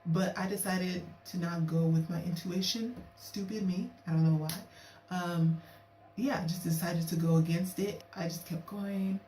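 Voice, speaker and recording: Sitting a little way from the mic in an echoey, roomy space, a young vlogger with a low, mellow voice recounts a story to camera at a moderate pace. She's animated and conversational, dropping into quoted lines, and a faint hiss runs underneath.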